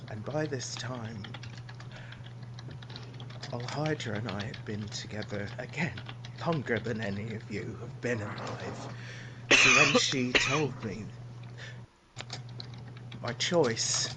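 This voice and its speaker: A man's voice: mid-range voice, heavy background noise, lightly acted. A man playing a bitter old witch, mocking and vengeful. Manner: mocking, swelling into screamed rage.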